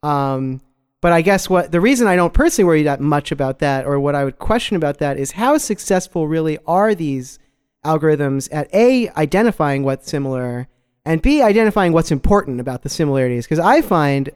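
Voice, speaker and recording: A man's voice: fairly high pitch, animated, brisk, a little mellow, clean tone, in a large hall. A man co-hosting a casual discussion podcast. He agrees often with "right" and lays out his reasoning point by point. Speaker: podcast co-host.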